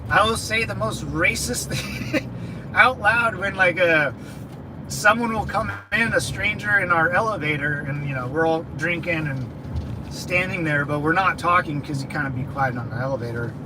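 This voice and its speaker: Over some background noise, a man in his thirties who is a veteran channel host shares casual, meandering stories with viewers. He speaks at a moderate pace in a fairly high voice, laughing a lot and dropping "dude" and "man" frequently.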